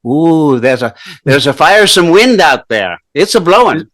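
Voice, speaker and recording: A man's voice: on the high side, very animated, very fast, no room sound, voice pushed down. A man putting on a jokey Irish brogue. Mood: hammy.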